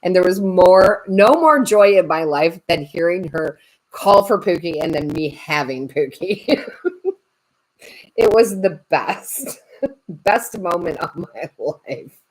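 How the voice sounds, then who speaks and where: A woman tarot reader and medium chatting on a live stream, animated and laughing often as she tells stories to her viewers. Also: fairly low pitch, slow pace, poor audio. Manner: chatty, animated, laughs a lot while talking.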